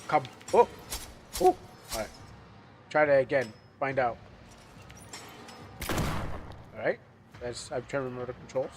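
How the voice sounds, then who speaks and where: A man's voice: medium pitch, expressive, a little slow, pauses often, music in the background. Man rambling through live gameplay. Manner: rambling, chatty, loses his train of thought. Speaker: game streamer. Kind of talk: casual live gameplay commentary.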